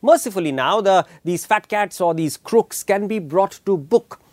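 High-voiced Indian man with dry commentary. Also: lively intonation, darkish tone, no room sound. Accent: Indian English. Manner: emphatic, deliberate, with frequent uh fillers. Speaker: commentary show host. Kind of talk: opinionated news commentary.

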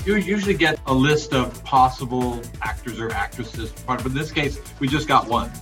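A man's voice: mid-range voice, normal speed, fairly bright tone, faint music behind. A man giving a casual interview as an actor, with dry, wry humor.

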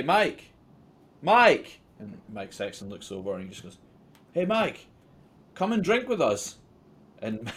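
A man's voice: lowish voice, darkish tone. Rambling, self-mocking Scottish man. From Scotland. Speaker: poker player guest. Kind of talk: casual storytelling interview. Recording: faint background noise.

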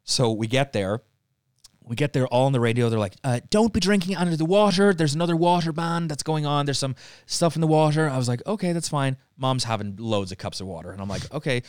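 A young man from Ireland tells a story on a podcast, his voice leaping up and down in pitch as he acts out what others said. He swears freely and laughs often. The sound is close and dry, with no room around it. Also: lively intonation, a little fast, clear, resonant tone, dry recording. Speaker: podcast guest. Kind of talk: casual storytelling chat.

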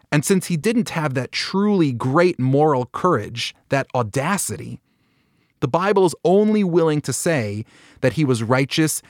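A man hosting a podcast, telling a Bible story in an animated way and acting out the quoted lines. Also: on the high side, no echo, clean studio sound. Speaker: podcast host. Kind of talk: storytelling talk on a Bible passage.

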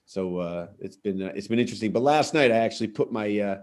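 A middle-aged man who's a stand-up comedian hosts a podcast, speaking fairly low, quick and expressive with a darkish tone. In casual chat he tells anecdotes, acting out quoted voices and landing the punchlines.

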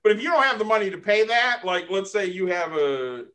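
Fairly high-voiced man telling a story. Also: big pitch swings, brisk, bright, forceful tone. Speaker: podcast co-host. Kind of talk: casual chat.

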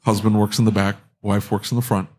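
A man's voice: fairly low pitch, level tone, fairly quick, a little mellow, husky. A man co-hosting a podcast, chatting casually, telling rambling, self-mocking stories and laughing often. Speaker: podcast co-host, auto shop owner. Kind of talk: casual chat.

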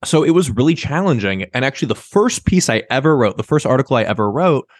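A man's voice: mid-range voice, fast, dry recording, studio quality. A man in his thirties, a sex writer, talking candidly and with animation as a guest in a casual interview. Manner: candid, animated, mimics others in quoted asides.

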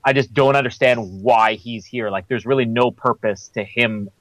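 A man co-hosting a film podcast, giving measured, casual commentary. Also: mid-range voice, a bit bright, no echo, low-quality recording. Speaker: podcast co-host.

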